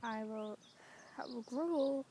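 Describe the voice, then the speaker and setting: A young woman from the UK vlogging into her phone in a public street, talking quietly and self-consciously, rambling and often slipping into a whisper. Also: fairly high pitch, measured pace, background noise. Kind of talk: casual vlog to phone. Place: outdoors in public, residential street. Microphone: phone camera.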